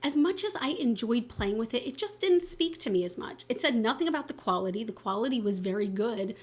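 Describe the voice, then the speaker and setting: A woman beauty vlogger chatting casually to camera, expressive and candid, with lots of fillers and self-corrections. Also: fairly high pitch. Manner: enthusiastic and candid, swearing casually. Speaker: beauty YouTuber. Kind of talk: casual vlog chat to camera.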